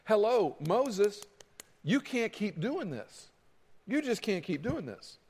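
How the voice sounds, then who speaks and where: A man's voice: high voice, sing-song, slow, darkish tone, husky, big-room sound, exaggerated voice. A preacher acting out an incredulous older man who scolds his son-in-law. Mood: exasperated. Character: exasperated older man, a visiting father-in-law.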